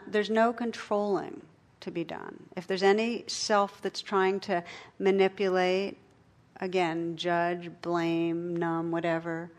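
Woman, meditation teacher, middle-aged, slightly low pitch, gentle storytelling pace. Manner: gentle storytelling with jokes and pauses. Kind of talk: dharma talk.

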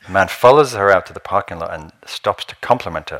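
A man teaching meditation at a retreat, telling stories with easy humor and soft chuckles in a meditation hall. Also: deep voice, quick pace, hardly any pauses. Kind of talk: dharma talk at a retreat.

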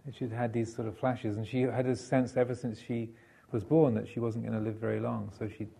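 A man giving a Buddhist dharma talk, telling a story with many ums and restarts. His voice is mellow and a little gravelly, sitting at an ordinary male pitch. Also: little pitch movement. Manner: halting, many fillers and restarts. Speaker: Buddhist monk teacher.

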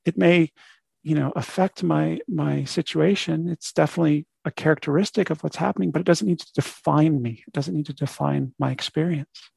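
A man's voice: fairly high pitch, a little fast, gravelly, darkish tone, breathy edge, dry recording. A man teaching a meditation talk in a conversational way, often checking in with "right?". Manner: conversational, frequent "right?" asides. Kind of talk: dharma talk.

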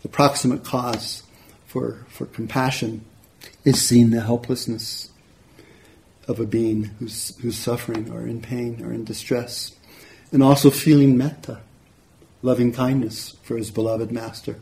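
Mellow-voiced man telling a teaching story. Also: mid-range voice, a little slow, gravelly. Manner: relaxed, conversational, frequent "you know". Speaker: meditation teacher. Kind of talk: dharma talk storytelling. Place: retreat center hall.

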